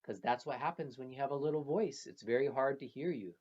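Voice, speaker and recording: A storyteller speaking slowly and gently, repeating phrases while telling a traditional tale to children. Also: mid-range voice, slightly rough. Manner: slow, gentle and repetitive, with soft trailing phrases. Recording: dull lo-fi recording.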